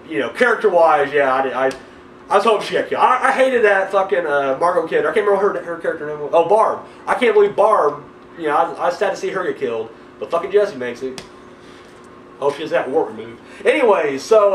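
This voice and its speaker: A young man reviewing horror movies in a rambling, excitable, profane way, swearing constantly. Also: fairly high pitch, a little hiss or hum. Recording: echoey room, mic at a distance.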